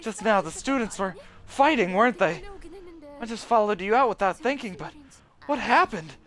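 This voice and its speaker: A man's voice: high-pitched, expressive, moderate pace, a bit bright, pitched above the performer's own voice. A man voicing a worried, earnest young female schoolteacher in a game. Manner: earnest and concerned.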